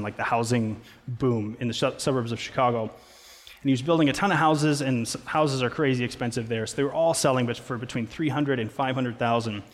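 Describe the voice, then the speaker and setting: A man, a pastor, preaching a sermon in a casual, conversational way with playful asides. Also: medium pitch. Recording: long reverb of a large hall.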